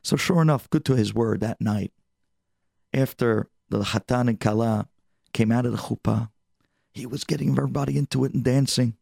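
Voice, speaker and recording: A man tells a story on a radio show, with animated, expressive delivery. His voice is gravelly and husky, at an ordinary pitch. The recording is dry and close, with no room sound. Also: moderate pace, no room sound.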